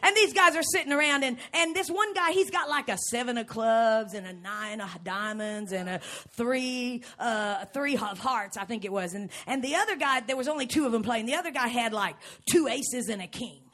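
A woman preaching a lively sermon to a congregation, often shouting and acting out little scenes. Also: a little high, normal speed, hardly any pauses. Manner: animated, shouting, acts out scenes. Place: church before a live congregation.

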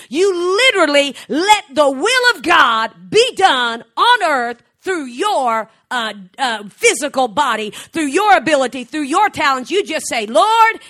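A middle-aged woman preaching a fervent sermon, swinging from soft, slow passages to shouted exclamations and frequent laughter. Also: high voice. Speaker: traveling preacher.

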